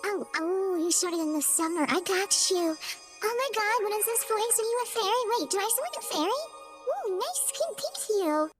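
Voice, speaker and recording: A woman's voice: extremely high pitch, lively intonation, moderate pace, over music. A woman streamer chatting playfully through a chipmunk voice changer. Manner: playful, giggly. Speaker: game streamer. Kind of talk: casual live-stream chat.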